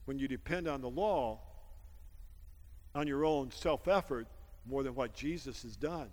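A man's voice: medium pitch, unhurried, darkish tone. A man preaching a sermon as pastor, exhorting his congregation with frequent amens and call-and-response. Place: church sanctuary during a service. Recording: long hall reverb with music behind.

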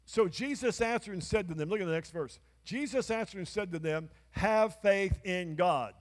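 A man's voice: sits high, expressive, fairly quick. A man pastor preaching a sermon in a church, emphatic, with call-and-response to the congregation. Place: church sanctuary. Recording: long church hall reverb.

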